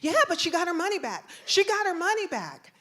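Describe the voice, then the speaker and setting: A woman's voice: extremely high pitch, very animated, fairly quick, bright, forceful tone, pitched above the performer's own voice, heavily acted. A woman doing a sobbing little boy. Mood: pleading. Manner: wailing, stammering, pleading.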